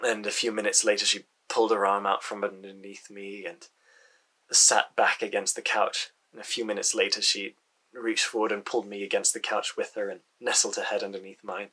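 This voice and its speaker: A man with a low, husky voice that still has a bright, forceful edge. He tells his story casually and haltingly, pausing to sigh and restarting his sentences. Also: level tone. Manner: halting, with frequent sighs and restarts. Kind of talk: casual first-person storytelling.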